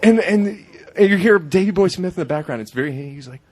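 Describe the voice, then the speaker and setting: A man's voice: high voice, fairly quick. A man hosting a podcast, telling stories in a casual chat and often breaking into laughter. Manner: animated storytelling, laughs often. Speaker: podcast host.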